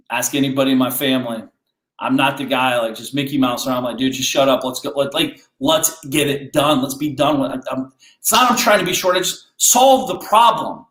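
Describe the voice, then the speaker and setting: A man's voice: fairly high pitch, a bit bright, echoey room. Fired-up man ranting with rhetorical questions. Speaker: podcast host. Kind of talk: motivational monologue.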